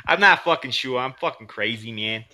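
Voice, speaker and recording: A man's voice: mid-range voice, expressive, moderate pace, pushed and bright. A man trading crude, profane jokes with a friend while streaming, laughing often. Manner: profane, laughing, joking in a rowdy voice.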